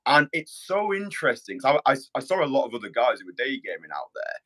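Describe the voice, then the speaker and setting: A man's voice: medium pitch, big pitch swings, quick pace, a bit bright. Blunt, swearing dating-coach man. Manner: blunt, swears, lots of filler restarts. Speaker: dating coach, podcast host. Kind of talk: casual podcast chat.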